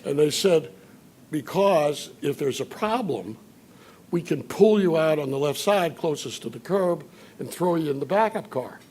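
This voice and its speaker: An older man from Chicago giving an after-dinner speech, telling anecdotes with dry humor and filler pauses. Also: fairly high pitch, lively intonation, darkish tone. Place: banquet hall at a dinner event.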